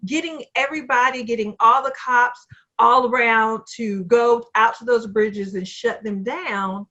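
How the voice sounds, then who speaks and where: A woman co-hosting a podcast in a casual, animated chat, acting out her own thoughts as she talks. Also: fairly high pitch, unhurried. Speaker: podcast co-host. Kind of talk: casual movie review chat. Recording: slightly dull, lo-fi mic.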